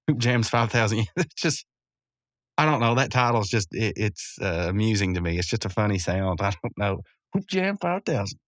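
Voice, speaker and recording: A man's voice: fairly low pitch, moderate pace, dry recording. A man casually recapping a cartoon episode into a close podcast mic, rambling, chuckling often and correcting himself as he goes. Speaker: podcast host.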